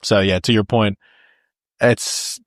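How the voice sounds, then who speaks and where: Male podcast co-host, slightly low pitch, easygoing and chatty, dry close mic. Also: fairly even intonation, slow, no echo. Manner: laid-back, conversational, addresses listeners as folks. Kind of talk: casual movie-discussion chat.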